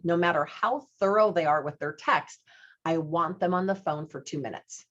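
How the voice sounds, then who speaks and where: A woman's voice: sits low, moderate pace, fairly bright tone, highs cut off. A woman giving a chatty, upbeat sales training talk, acting out phone calls with customers as she teaches. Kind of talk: instructional talk with retold dialogue.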